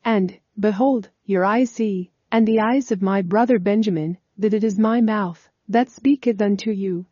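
A woman voicing a kind male ruler who speaks gently to his brothers in archaic scriptural phrasing, on a dull, slightly lo-fi recording. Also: mid-range voice, measured pace, few pauses, no echo, close to an everyday voice. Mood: gentle.

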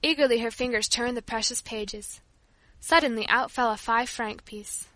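A woman narrating a children's story in a steady, gentle reading manner. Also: fairly high pitch, moderate pace, no room sound.

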